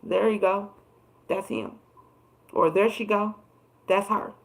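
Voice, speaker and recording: A woman reads tarot cards live in a loose, conversational way. Her voice is gravelly with frequent vocal fry. She swears freely and stacks repeated words when she wants to stress a point. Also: mid-range voice, steady tone, slow, rough recording. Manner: emphatic, profane, repeats phrases for emphasis. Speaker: tarot reader. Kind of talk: casual tarot reading livestream.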